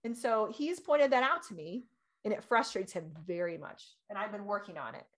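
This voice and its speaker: A woman in her thirties chatting casually as a podcast co-host, animated and laughing, acting out quoted voices. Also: medium pitch, normal speed. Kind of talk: casual chat.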